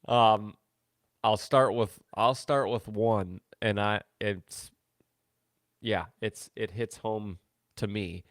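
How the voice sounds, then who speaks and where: A laid-back man chatting on a podcast. He speaks softly with a fairly low voice, and the sound is dry and close. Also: fairly even intonation, extremely slow, long pauses, dry recording. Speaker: podcast co-host. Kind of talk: casual chat.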